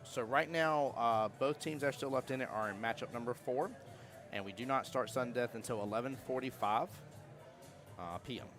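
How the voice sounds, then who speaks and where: A man co-commentating a live pool tournament, excitable as he breaks down scores and standings. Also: mid-range voice, fairly quick, faint music behind. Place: pool hall.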